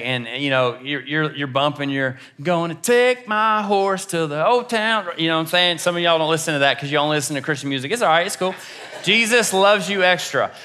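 A young man preaching a sermon in a church, telling a personal story in a conversational, self-deprecating way, moving between hushed, slow stretches and loud, animated bursts. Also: medium pitch. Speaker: pastor.

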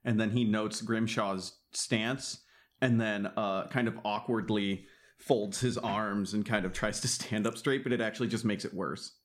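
Male player, low voice, hesitant, lots of "uh". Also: steady tone, unhurried. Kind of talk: casual tabletop play.

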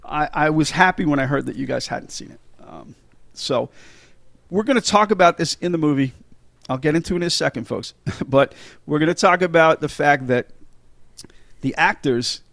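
A man's voice: a little high, moderate pace, vocal fry, fairly bright tone, no echo. A middle-aged man hosting a casual movie podcast, chatty and enthusiastic, with many fillers and restarts. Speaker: podcast host.

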